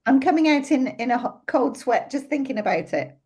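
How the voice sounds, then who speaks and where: A woman's voice: sits high, animated, a little fast, mellow, breathy edge. A middle-aged woman co-hosting a casual podcast chat, talking with hesitant fillers. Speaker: podcast co-host.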